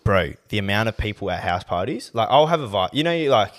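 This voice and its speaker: A man's voice: on the low side, sing-song. A young man hosting a casual podcast chat, slangy and swearing as he tells DJ stories. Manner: fast, slangy, swears while telling stories. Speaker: podcast host.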